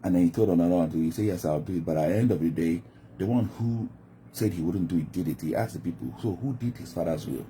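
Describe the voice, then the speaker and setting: A man's voice: sits low, fast, mellow, slight background noise. A man from Nigeria giving a reflective monologue about communication styles, often acting out quoted voices. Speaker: commentator.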